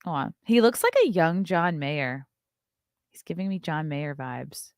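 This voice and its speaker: A woman hosting a morning show, reading celebrity news aloud and breaking off for quick, wry asides. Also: deep voice, expressive, a little mellow, no room sound, studio quality.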